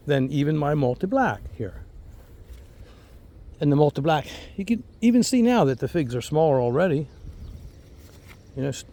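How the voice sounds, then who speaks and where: A man with a mellow, relaxed tone walks through a garden, chatting in a casual vlog style. He is enthusiastic and rambling, repeating words as he moves from one plant to the next. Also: on the high side. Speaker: fig grower and channel host. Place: outdoors in a garden.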